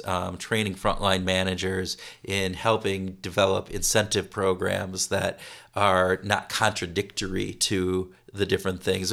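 A man being interviewed as a consultant, speaking in a halting way with many restarts and repeated words. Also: sits low, creaky, fairly bright tone. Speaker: consultant guest. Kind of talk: interview conversation.

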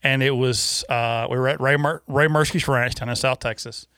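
A man co-hosting a casual fishing talk show, animated and rambling, with many restarts. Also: mid-range voice, moderate pace, no room sound, studio quality. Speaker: co-host.

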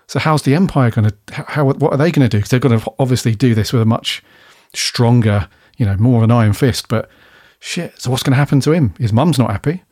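A man's voice: medium pitch, fast talker, few pauses, darkish tone. A man in easygoing podcast conversation, talking through a TV episode in a loose, rambling way. He swears casually and laughs along as he goes. His voice sits close and dry, with no room echo around it. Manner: laid-back and chatty, swears freely, laughs often. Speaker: podcast co-host reviewing a TV episode. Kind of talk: casual chat.

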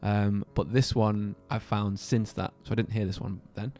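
A man's voice: lowish voice, fairly even intonation, normal speed, a little mellow. A man co-hosting a casual podcast, telling a story in a jokey, rambling way. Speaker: podcast co-host.

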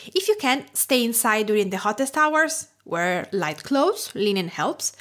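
A woman of about forty from Tuscany hosts her podcast in English with an Italian accent, her voice set a little high. She reads a prepared script expressively, with her pitch swinging widely. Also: a bit bright. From Tuscany, Italy. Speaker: podcast host and cook.

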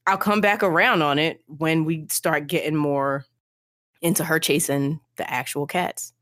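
A woman's voice: low-pitched, measured pace, no room sound. Chatty woman with a dry close sound. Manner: rambling, animated, heavy use of filler "like". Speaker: podcast co-host. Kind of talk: casual chat.

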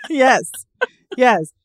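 A woman's voice: sits high, no echo, clean studio sound. Teasing, playful woman co-host. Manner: teasing, playful, laughs often. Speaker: podcast co-host. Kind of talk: casual chat.

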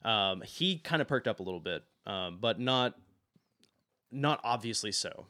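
A young man running a tabletop game as game master, narrating in a relaxed way with many fillers. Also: on the low side, measured pace, no room sound, studio quality.

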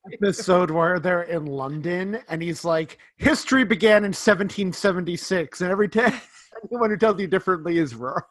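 Man, podcast co-host, eager, laughing, fairly high voice, dry sound. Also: a little fast, no echo. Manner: eager, laughs while recounting scenes. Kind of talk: casual podcast chat.

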